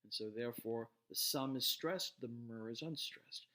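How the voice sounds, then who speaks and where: A man lecturing to a class at a middle pitch, explaining step by step. He often pauses, restarts his words and checks in with the listener. The tone is plain and instructive. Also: pushed and bright. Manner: explanatory, frequent fillers and restarts, asks "right?".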